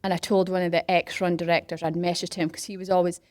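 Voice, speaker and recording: A middle-aged woman being interviewed, telling a story in a lively, casual way, acting out what other people said and dropping into whispers. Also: fairly low pitch, fast talker, no echo. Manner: animated, acts out quoted voices and whispers for effect. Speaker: interview guest, parkrun organiser.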